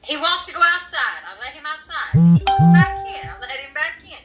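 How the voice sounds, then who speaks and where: A middle-aged woman guest in a casual chat, animated and laughing often. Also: sits high, moderate pace, roomy sound, soft background music.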